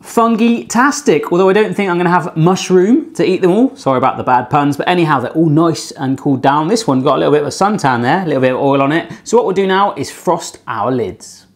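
A man's voice: fairly high pitch, animated, quick pace, few pauses. A man hosting a casual home baking tutorial in his kitchen, chatty and playful with puns and jokes. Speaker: self-taught home baker hosting a cooking channel.

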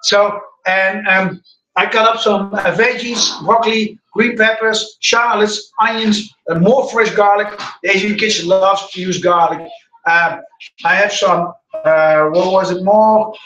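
A man's voice: high voice, fairly even intonation, a little slow, pushed and bright. Middle-aged male cooking host, chatty and rambling, recorded far off in an echoey room. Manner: chatty, rambling, addresses viewers as guys. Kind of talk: casual live cooking stream.

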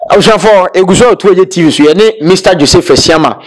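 A man with a Ghanaian accent hosts a casual talk show. His voice sits fairly high. He asks teasing, probing questions at a relaxed pace. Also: fast. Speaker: interview host.

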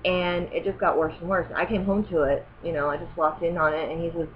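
A woman's voice: lowish voice, fairly even intonation, fairly quick, muffled recording, slight background noise. A woman in her thirties telling a personal story as a vlogger, rambling, correcting herself and growing indignant. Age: 30s.

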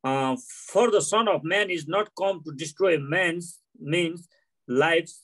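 Male student, native Nepali speaker, slow halting scripture reader, slightly high voice. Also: a bit bright, poor audio. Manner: slow halting reading aloud.

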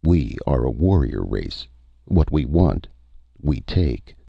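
A man's voice: a bass voice, big pitch swings, takes it slowly, creaky, slightly rough, no echo, dull audio, full character voice. A man voicing a proud, boastful alien warrior chief who rules as god-king, speaking in a stately, commanding way. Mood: proud, stern.

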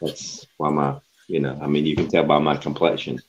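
A man's voice: extremely low pitch, flat delivery, normal speed, noisy background. A man co-hosting a casual live stream, easygoing, often repeating and stammering. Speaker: co-host. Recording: dull lo-fi sound.

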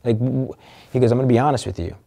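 A man's voice: mid-range voice, steady tone, racing, vocal fry, dark tone. A man telling a candid personal story as an interview guest, earnest and emotional, swearing casually.

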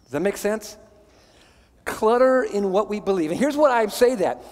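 A male pastor preaching a sermon in a church in a lively, conversational way, often stopping and restarting his sentences. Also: high voice, normal speed, in a large hall. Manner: animated, conversational, many restarts. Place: church sanctuary.

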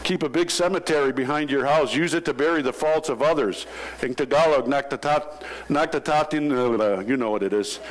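A male pastor preaching a sermon, telling jokes and stories in an animated way. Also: a little high, normal speed, a little hiss or hum, low-quality recording. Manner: animated storytelling with joking asides. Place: church sanctuary.

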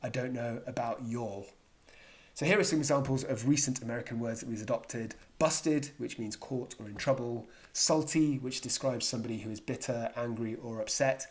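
Playful English psychiatrist vlogger. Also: male voice, mid-range voice, moderate pace. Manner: playful, self-mocking, dad-joke humour. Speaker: psychiatrist and video host. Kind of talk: jokey explainer vlog.

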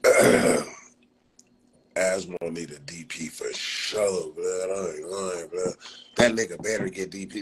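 A man's voice: on the low side, a bit bright, slight background noise, low-quality recording. A man hosting a livestream, ranting and roasting people in a profane, mocking way. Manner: profane, mocking, repeats "blood" as a filler. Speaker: livestream host. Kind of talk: casual roast rant on a livestream. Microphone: phone livestream mic.

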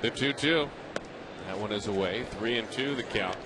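A man calling a baseball game play by play, talkative and teasing, with playful asides between pitches. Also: normal speed, very noisy. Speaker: play-by-play announcer. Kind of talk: live baseball commentary.

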